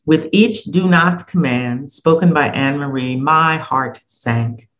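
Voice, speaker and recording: A man narrating a personal essay in a measured, reflective reading voice. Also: fairly high pitch, fairly bright tone, rough recording.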